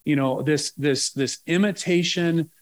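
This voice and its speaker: A man's voice: fairly high pitch, measured pace. A man pastor preaching a sermon in a conversational way, often checking in with the room.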